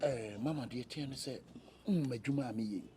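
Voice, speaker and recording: A man's voice: mid-range voice, moderate pace, noisy background. A man with a Ghanaian accent, pleading and wheedling for money in a comedy skit. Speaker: son posing as a rich returnee from America. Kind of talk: comedy skit dialogue mixing English and Twi.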